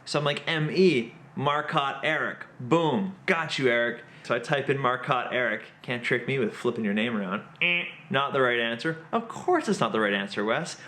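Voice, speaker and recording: A man hosting his own video, recapping a puzzle in an excitable, self-mocking way. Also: medium pitch, normal speed. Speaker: magician and comedian host. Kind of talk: animated storytelling recap.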